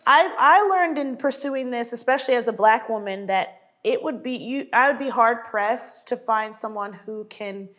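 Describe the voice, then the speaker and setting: A woman's voice: fairly high pitch, normal speed, few pauses, fairly bright tone. A woman comedian chatting in an interview. She tells stories animatedly, acts out quotes, and laughs often. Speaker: sketch comedy cast member. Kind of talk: casual interview chat.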